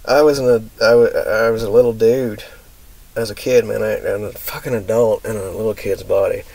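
A man from Texas talking through his memories in a rambling personal monologue, emotional and profane, drifting from loud outbursts into whispers. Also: on the low side, fairly even intonation, normal speed, vocal fry, rough recording. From Texas, USA. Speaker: vlogger.

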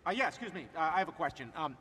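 A rude heckling fan. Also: male voice, fairly high pitch, lively intonation, very fast, pushed and bright, husky, heavily acted. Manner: cheeky, heckling, defensive. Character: rude young male fan heckler, gossipy. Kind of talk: comedy film acting.

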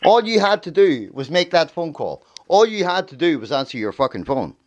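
A man's voice: a little high, sing-song, normal speed, dull audio. A man angrily confronting his advocate, swearing and hammering the same accusing questions. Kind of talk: heated confrontation.

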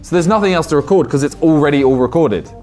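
A man's voice: a little high, fast, dark tone, faint music behind. A young man, reacting to fan posts in casual commentary, teasing and self-mocking.

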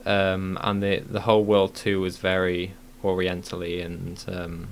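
A man's voice: low voice, monotone, measured pace, vocal fry, slight background noise. Hesitant podcast host man. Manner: hesitant, many ums and restarts. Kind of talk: casual live-stream podcast chat.

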